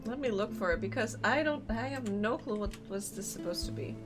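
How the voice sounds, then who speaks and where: A young woman streaming a game live, chatting casually, excitable and often laughing. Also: medium pitch, a little fast, music in the background.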